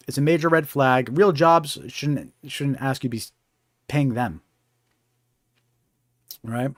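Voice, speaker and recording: Guy hosting a scam awareness livestream, kinda high voice, dry sound, keeps saying right?. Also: no echo. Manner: conversational, keeps asking "right?". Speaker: host. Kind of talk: live-stream scam awareness talk.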